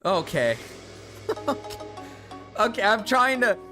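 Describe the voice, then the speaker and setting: A man's voice: sits high, takes it slowly, soft background music. Giggly young man streaming live. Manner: excitable, giggly, swears freely.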